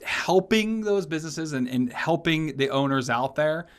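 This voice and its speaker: A man's voice: on the high side, measured pace. A man hosting a business podcast, talking loosely with many fillers and restarts. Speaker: podcast host. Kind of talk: casual podcast interview.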